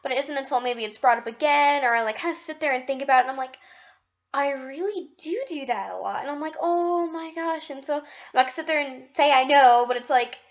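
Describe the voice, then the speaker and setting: High-pitched young woman rambling on her vlog, giggly and self-mocking, kinda muffled lo-fi audio. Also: a little fast. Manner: bubbly, rambling, self-deprecating. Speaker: vlogger. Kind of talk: casual vlog monologue.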